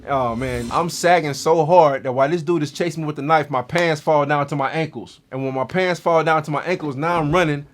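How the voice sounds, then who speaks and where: A man's voice: on the high side, fairly quick, hardly any pauses, faint music behind. A man telling his own life story as a guest, in streetwise slang with vivid, dramatic retelling. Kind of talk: first-person life story.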